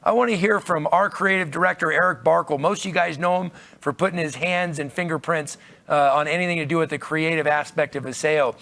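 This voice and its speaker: Excited guy emceeing a convention, gravelly edge, voice sits a bit high. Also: a little fast. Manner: upbeat, repeats words, restarts. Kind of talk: enthusiastic stage talk. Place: convention stage.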